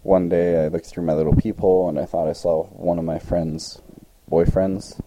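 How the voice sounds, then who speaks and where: A man's voice: deep voice, normal speed, noisy background. A young man chatting casually as a podcast co-host, rambling through a story and acting out the people in it. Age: young adult. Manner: rambling, animated retelling with quoted voices.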